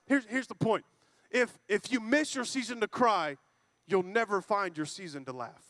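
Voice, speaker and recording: Guy preaching in church, jokey, does little voices, dry sound, high pitch. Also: moderate pace, sharp tone, no room sound. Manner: playful, acts out quoted voices. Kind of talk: lively comedic sermon. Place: church hall with congregation.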